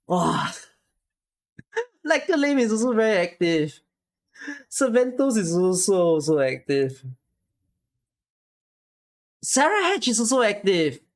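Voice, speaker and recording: A streamer talks casually into a close desk mic, worn out and audibly emotional. The voice sits in a middle pitch and keeps jumping into excited bursts before settling back into tired, sentimental chat. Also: takes it slowly, long pauses. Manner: emotional, excitable, near tears. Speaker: streamer reading follower names.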